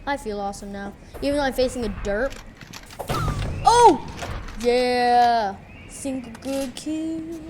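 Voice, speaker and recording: A woman hosting a let's play, commenting excitedly on her game, squealing and mocking herself. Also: sits high, drawn-out words, pauses often, slight background noise. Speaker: gaming channel host.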